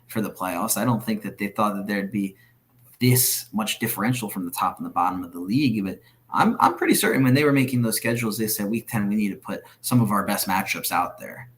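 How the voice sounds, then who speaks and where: A man's voice: fairly low pitch, animated, a little fast, fairly bright tone. A man co-hosting a casual sports podcast, earnest and opinionated as he makes his case. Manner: earnest, opinionated, argues his points steadily. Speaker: podcast co-host.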